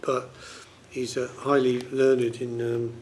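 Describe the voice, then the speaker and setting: A man's voice: mid-range voice, level tone, takes it slowly, darkish tone, slight background noise. A man leading a scripture study group, explaining verses casually with many fillers. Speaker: class leader.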